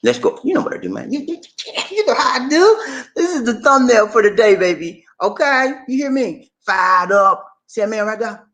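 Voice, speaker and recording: A man giving animated, preachy commentary on a news story, playful and repetitive, with questions for his audience. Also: very high voice, moderate pace. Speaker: commentary channel host.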